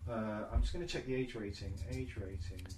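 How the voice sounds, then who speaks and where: A man's voice: lowish voice, steady tone, fairly quick, a little mellow. A man co-hosting a casual gaming chat show, talking in a rambling, explanatory way with many fillers.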